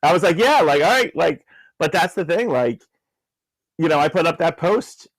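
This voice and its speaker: Chatty man with a slightly high voice. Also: moderate pace, husky, no room sound, poor audio. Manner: rambling, filler-heavy, laughs through stories. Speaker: podcast co-host. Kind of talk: casual podcast discussion.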